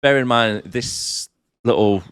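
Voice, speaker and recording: A man's voice: mid-range voice, slow, fairly bright tone, smooth, no room sound. A man co-hosting a podcast, chatting casually about a film with dry, sarcastic, sweary remarks. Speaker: podcast co-host. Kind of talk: casual film-review chat.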